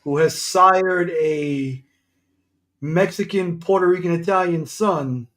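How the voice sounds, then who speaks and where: A man on a casual panel chat, talking in a lively, wry way. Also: fairly high pitch, slow pace.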